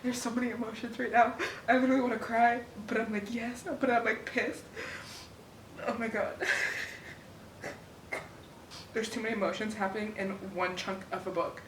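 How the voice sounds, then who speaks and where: A young woman vlogging her reading, emotional and exclaiming, swinging from hushed to loud reactions. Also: on the high side, fairly even intonation, moderate pace, long pauses. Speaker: book vlogger. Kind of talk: reading vlog chatter. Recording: roomy echo, faint room noise.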